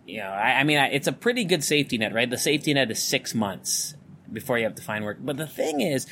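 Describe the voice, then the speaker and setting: A man from the Philippines with a neutral American accent hosts a solo podcast from home, talking candidly and loosely and swearing freely. His mid-range voice is very animated, quick, pushed and bright, recorded on a studio condenser mic in a room with an electric fan running, leaving slight background noise.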